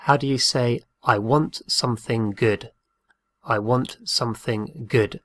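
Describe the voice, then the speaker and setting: A man's voice: mid-range voice, fairly even intonation, slow, a bit bright. A man teaching a Spanish lesson, patiently repeating each phrase and spelling words out letter by letter. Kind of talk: slow drilled language lesson.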